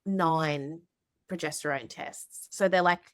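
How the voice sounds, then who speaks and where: A woman hosting a podcast, telling a story in a chatty, animated way with lots of fillers. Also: low voice, slow, no echo. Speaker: podcast host. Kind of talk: casual storytelling chat.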